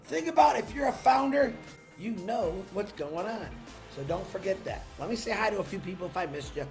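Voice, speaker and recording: A man hosts a solo livestream, pumping up his viewers with an excited, salesy pep talk that breaks into shouts. His voice sits very high and has a gravelly rasp. He talks into a laptop mic with faint music playing behind him. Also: brisk. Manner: greets viewers by name from the chat. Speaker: livestream host.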